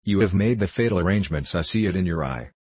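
A man's voice: deep voice, animated, fast, a little mellow, breathy edge, no room sound. A man reading as a grandiose portly Frenchman. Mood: melodramatic. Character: dramatic excitable Frenchman, portly duelist.

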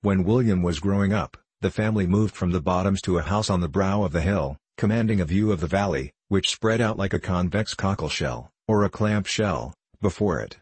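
Deep, husky male audiobook narrator. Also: dry recording. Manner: steady, measured storytelling. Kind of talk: scripted narration of a classic novel.

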